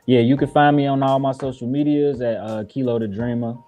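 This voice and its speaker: A man's voice: medium pitch, steady tone, fairly quick, dark tone, soft background music. A man from Chicago, a guest rapper, answering interview questions in an earnest, reflective way with many fillers. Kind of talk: casual interview talk.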